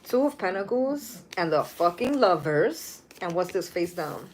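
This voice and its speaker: A woman's voice: fairly low pitch, measured pace, a little hiss or hum. Blunt, profane woman reading tarot. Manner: blunt, profane, animated, repeats phrases. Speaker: tarot reader. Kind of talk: casual live tarot reading.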